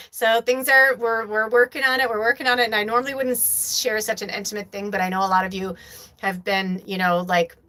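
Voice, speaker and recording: A woman's voice: mid-range voice, sharp tone, low-quality recording. A woman hosting a spiritual medium livestream, talking in a casual, rambling way, full of fillers and heartfelt asides. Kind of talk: casual live-stream chat.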